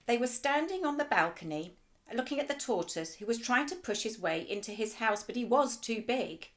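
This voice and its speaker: A female teacher reading a children's storybook aloud in an expressive, lively way. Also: a little high, normal speed.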